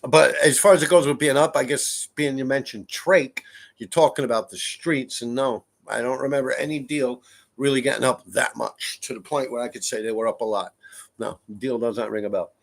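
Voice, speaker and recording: A man's voice: mid-range voice, fairly even intonation, normal speed, creaky. A middle-aged man from New City, casually telling rambling, profane stories on a livestream from his apartment. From New York City. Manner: profane, rambling, laughs a lot. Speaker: livestream host. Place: room in a ground-floor apartment.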